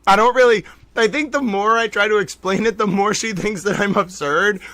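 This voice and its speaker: A man with a high, bright, sharp voice hosts a casual livestream. He talks playfully and mock-dramatically, laughing often. His voice sounds dry and close, with no room around it. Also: normal speed, no room sound. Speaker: livestream host.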